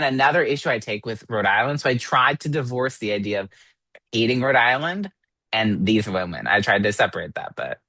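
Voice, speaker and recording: A man co-hosting a chatty podcast, animated and loose with swearing, often leaping high in pitch when he gets exasperated. The sound is dry and close, with no room around it. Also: no echo. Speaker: podcast co-host. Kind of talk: casual chat.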